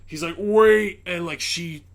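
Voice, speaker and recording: In a pushed, bright medium-pitched voice, a man on a podcast casually recounts a film's story at a moderate pace. He rambles, quotes characters, and leans heavily on fillers and swearing.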